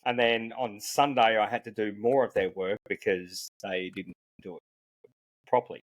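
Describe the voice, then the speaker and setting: A man's voice: lowish voice, fairly even intonation, moderate pace, no room sound. A man, a podcast co-host and business owner, complaining sarcastically in casual chat.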